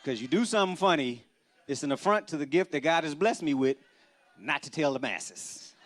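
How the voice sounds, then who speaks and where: An animated male stand-up comedian, working a live audience from a church stage. His voice sits a little high for a man, and he tells punchy stories that break into loud bursts. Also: normal speed.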